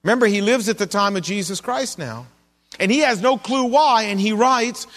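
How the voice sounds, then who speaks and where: Guy preaching a sermon, pretty high voice, chatty, lots of questions to the crowd, big echoey church. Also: expressive, normal speed, fairly bright tone. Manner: conversational preaching with rhetorical questions. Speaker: pastor.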